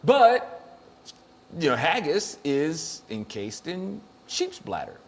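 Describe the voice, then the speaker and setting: A man's voice: a little high, wildly swooping pitch, slow pace, a little hiss or hum. Joking, rambling male show host. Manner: jokey, rambling, laughs often. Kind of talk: casual comedic chat.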